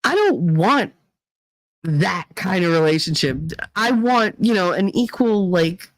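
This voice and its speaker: A woman from Northeast Pennsylvania hosting a livestream, chatting casually with her viewers and telling stories full of fillers and quick voice mimicry. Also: fairly low pitch, big pitch swings, no room sound, poor audio. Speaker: livestream host reading chat. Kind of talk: casual chat.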